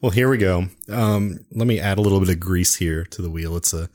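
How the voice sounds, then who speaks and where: A man co-hosting a podcast in casual chat, excitable and often giggling. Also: sits low, a little fast. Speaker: podcast co-host.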